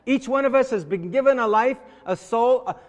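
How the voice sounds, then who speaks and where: Man, pastor, sermon, storytelling, acts out quotes, high voice, long church reverb. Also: a little fast. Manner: storytelling, acts out voices in quotes, repeats words when starting.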